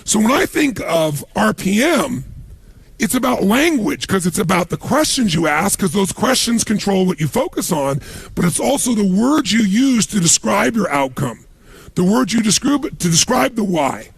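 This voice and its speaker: A man giving a motivational seminar talk to a live audience, telling stories with punchy, animated emphasis and a gravelly, raspy voice. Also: high-pitched, moderate pace, no echo. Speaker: motivational speaker.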